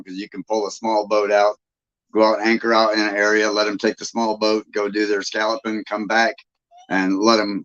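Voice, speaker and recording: A man's voice: fairly low pitch, fairly bright tone. A man from Michigan hosting a live stream, chatting casually and folksily with viewers and laughing often. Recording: dull lo-fi sound.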